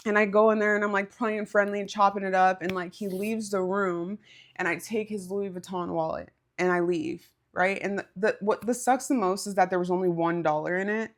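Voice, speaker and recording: Woman, podcast co-host, casual storytelling, frank and profane, raspy fry in the voice, mid pitch. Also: steady tone, moderate pace. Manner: candid, swearing, laughs while telling.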